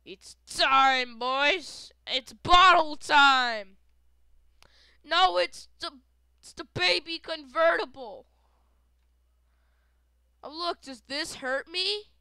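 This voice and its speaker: A woman giving playful, shouty gameplay commentary full of silly chanted sound effects. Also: high voice, slow, gravelly, pauses often, no echo. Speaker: gaming video creator.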